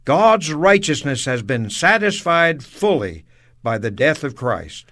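A man's voice: on the high side, sing-song, takes it slowly. Earnest male co-host on faith radio. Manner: earnest, warmly affirming. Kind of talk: religious radio discussion.

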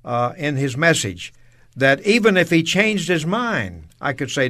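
A man's voice: fairly high pitch, very animated, unhurried, pushed and bright. A man co-hosting a religious radio discussion, speaking earnestly and affirming what was said. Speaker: co-host.

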